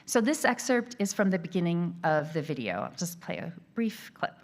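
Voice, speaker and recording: A woman giving an academic keynote lecture, reading a prepared text in a measured way. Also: fairly low pitch, very animated. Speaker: keynote speaker.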